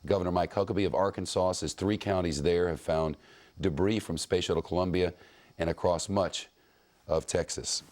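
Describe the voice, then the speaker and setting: A male news anchor taking over live breaking news coverage. His low voice is somber and deliberate, with a few fillers between phrases. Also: fairly even intonation, darkish tone.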